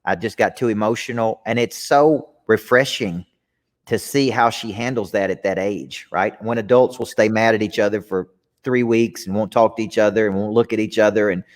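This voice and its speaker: A man's voice: lowish voice, steady tone, moderate pace, in a large hall. A man, talking earnestly and reflectively as a guest coach in a candid interview, often restarting his sentences. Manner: earnest, reflective, repeats words when starting sentences.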